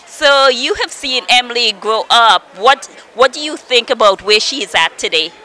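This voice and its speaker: A woman's voice: on the high side, animated, moderate pace, pushed and bright, slight background noise, poor audio. A woman working as a TV interviewer on location at an airport, upbeat and friendly, laughing often. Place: airport arrivals area.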